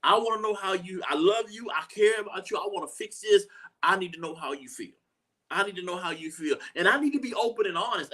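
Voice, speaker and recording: His voice is high-pitched and fairly bright as he hosts a live talk show with earnest conviction. Lines get repeated for emphasis, quoted voices are acted out, and "you know what I'm saying" comes up again and again.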